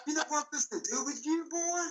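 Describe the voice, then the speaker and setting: A man's voice: extremely high pitch, fast, voice pushed up. A man voicing a furious male wrestler hurling trash-talk threats in a promo. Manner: menacing, shouted threats.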